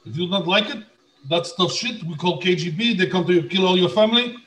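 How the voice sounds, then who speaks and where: A man's voice: sits high, fairly quick, fairly bright tone, far from the mic, low-quality recording. A man voicing a menacing tough guy in broken English on a podcast.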